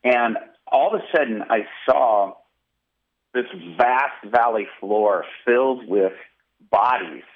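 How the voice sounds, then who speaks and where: A male pastor telling a personal testimony in an interview, animated and vivid. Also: mid-range voice, slow, phone-quality sound. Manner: animated storyteller, acting out quotes.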